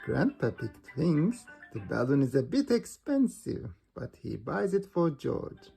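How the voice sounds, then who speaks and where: A man reading a children's storybook aloud in a slow, gentle way. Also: mid-range voice, big pitch swings, vocal fry, faint music behind. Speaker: storybook reader.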